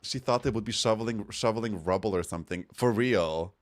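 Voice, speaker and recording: Chatty campy man, a bit low. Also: a little fast. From Europe. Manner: chatty, campy, animated storytelling with swearing. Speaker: streamer. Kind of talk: casual chat while gaming.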